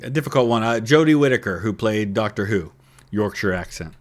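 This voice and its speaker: A man hosting a history reaction video, chiming in with relaxed, casual commentary full of small fillers. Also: lowish voice, fairly quick.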